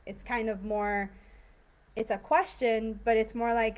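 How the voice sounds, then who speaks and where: A woman's voice: fairly high pitch, fairly even intonation, takes it slowly, pauses often. Upbeat woman teaching grammar online. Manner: explains patiently with many fillers and "right?" checks. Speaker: English teacher. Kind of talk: live online grammar class. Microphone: video call.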